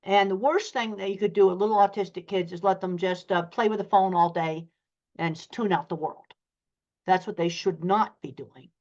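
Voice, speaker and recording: A woman's voice: medium pitch, fairly even intonation, normal speed, a little mellow, lo-fi sound. An older woman, a professor, giving a lecture-style talk over a video call in a direct, plainspoken way with blunt practical examples. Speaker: guest speaker, professor of animal science.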